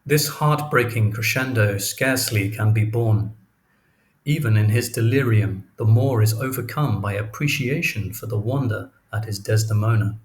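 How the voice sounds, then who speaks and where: A man narrating a nonfiction audiobook in a measured, deliberate way. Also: lowish voice.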